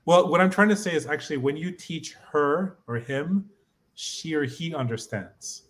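A man's voice: on the high side, normal speed. A man co-hosting a language lesson as the learner, eager and tentative, often saying "okay" as he works things out. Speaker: co-host and learner. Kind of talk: casual lesson chat.

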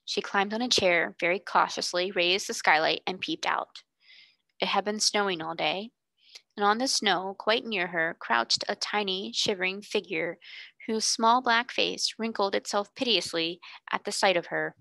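Bright, gravelly woman reading a storybook. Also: medium pitch, no echo. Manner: calm, measured storytelling. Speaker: reader. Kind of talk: storybook read-aloud narration.

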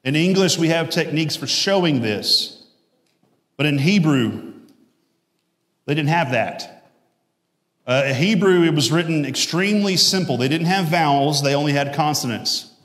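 A man's voice: on the high side, lively intonation, a little slow, long pauses, a bit bright. Male pastor, sermon, casual asides, echoey sanctuary. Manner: conversational preaching with jokes and self-corrections. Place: church sanctuary. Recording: echoey church hall.

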